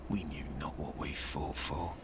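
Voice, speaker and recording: An actor playing a weary male mercenary soldier in a video game, speaking slowly and solemnly in hushed tones. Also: a bass voice, flat delivery. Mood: melancholy. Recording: game audio under stream noise.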